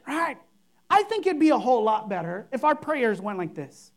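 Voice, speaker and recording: A woman's voice: sits high, big pitch swings, moderate pace, fairly bright tone. A woman pastor preaching a sermon, emphatic and repetitive, acting out showy and simple prayers to make her point. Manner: emphatic, repeats key phrases, mimics overblown prayers.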